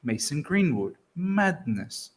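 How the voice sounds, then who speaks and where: Lively young man poking fun. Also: on the high side, slow pace. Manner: questioning, mocking, laughs easily. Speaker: podcast co-host. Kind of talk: casual football chat.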